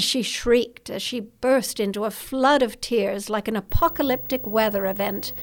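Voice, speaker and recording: A woman reading a suspense novel aloud in a measured, dramatic storytelling manner. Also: a little high. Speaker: audiobook narrator. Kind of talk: scripted novel narration.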